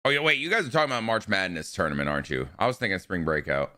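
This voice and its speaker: A man's voice: sits low, animated, very fast, pushed and bright. A young man streaming live, talking casually and with energy to his chat and greeting viewers by name.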